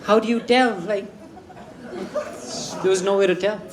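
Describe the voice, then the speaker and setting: A young man from India with an Indian English accent, doing a deadpan, profane stand-up set with mock-menacing punchlines. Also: high-pitched, measured pace, background noise. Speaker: stand-up comedian. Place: comedy club stage with audience. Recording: echoey club, loud crowd laughter.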